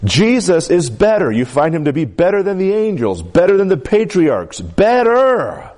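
A pastor preaches a sermon emphatically, stressing key words and calling out to his congregation for an amen. His mellow voice is on the high side, with big pitch swings and a moderate pace.

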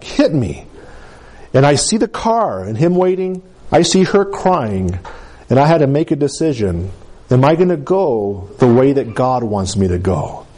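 A man preaching a sermon, telling his own testimony in an animated way, with quick asides and self-corrections. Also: medium pitch, husky.

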